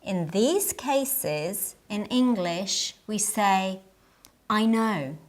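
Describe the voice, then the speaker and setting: Very slow, deliberate woman teacher. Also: medium pitch, lively intonation. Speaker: English teacher. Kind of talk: scripted lesson narration.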